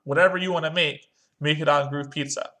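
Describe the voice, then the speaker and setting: A man's voice: fairly high pitch, fairly even intonation, fairly quick, pushed and bright. A male music teacher, walking young students through a screen-recorded online lesson step by step. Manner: talks through clicks step by step, chants rhythm syllables.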